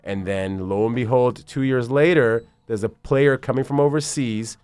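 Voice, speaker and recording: A man's voice: medium pitch, normal speed, clear, resonant tone, dry recording. A man in his thirties, a basketball agent, talking casually in an interview and rambling through his story with plenty of swearing. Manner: rambling, profane, animated storytelling.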